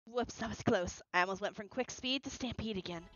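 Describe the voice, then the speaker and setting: A woman's voice: medium pitch, fairly quick, natural voice. A woman reading aloud as a cheerful young heroine exploring a city, with faint music behind on a lo-fi recording. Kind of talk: reading game dialogue aloud.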